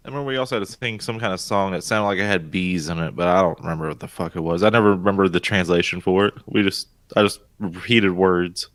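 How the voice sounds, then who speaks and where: A man in his thirties from North Carolina, co-hosting a casual geek podcast and telling stories with frequent cursing and high-pitched bursts. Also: fast talker, hardly any pauses, dry recording. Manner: lively and profane, bursting into high-pitched exclamations. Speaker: podcast co-host. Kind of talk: casual chat.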